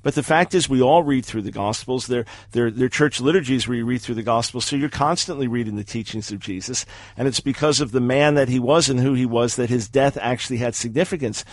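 A man answering in a debate, measured and explanatory. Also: medium pitch, no room sound. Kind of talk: debate rebuttal.

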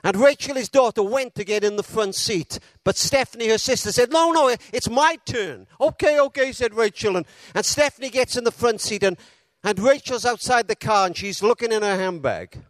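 A man preaching a sermon, telling a story with dramatic pauses and retelling quotes with feeling. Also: high voice, dry recording.

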